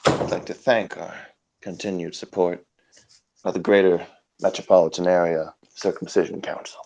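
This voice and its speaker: Gravelly, deep-voiced comedy host. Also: male voice, flat delivery, moderate pace, darkish tone, slight background noise, rough recording. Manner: rambling, swings into mock-dramatic monologue. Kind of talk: absurdist improvised comedy talk show.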